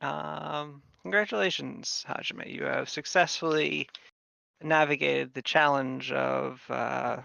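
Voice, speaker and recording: A man running a tabletop game as game master, narrating in a relaxed way with frequent ums. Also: a little high, slow pace, creaky, no room sound. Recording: muffled lo-fi audio.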